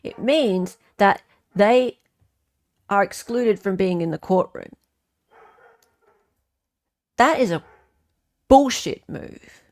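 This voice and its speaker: A woman's voice: mid-range voice, animated, takes it slowly, long pauses, a little mellow. An Australian woman hosting a casual livestream, chatting with viewers, reading their comments, and ranting freely. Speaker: livestream host.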